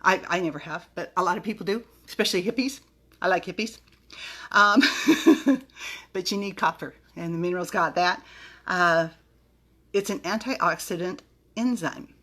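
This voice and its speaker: A bubbly middle-aged woman talks straight to camera in a chatty, giggly way, often tripping over hard words. Her voice sits a little low, and she sounds open and unscripted. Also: moderate pace, fairly bright tone. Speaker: vlogger reviewing vitamins. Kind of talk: casual talk to camera.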